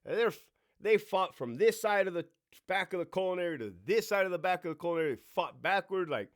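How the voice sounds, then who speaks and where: A California man in his forties, a former prison officer, hosts a casual, profane storytime monologue packed with sound effects and asides to himself. His voice is high-pitched, animated, and fast.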